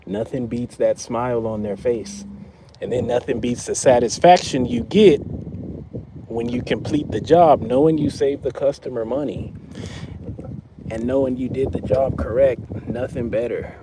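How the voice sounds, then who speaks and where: A man's voice: mid-range voice, fairly even intonation, measured pace, background noise. A man chatting casually on a livestream while he works on a car as a part-time mobile mechanic, repeating himself for emphasis.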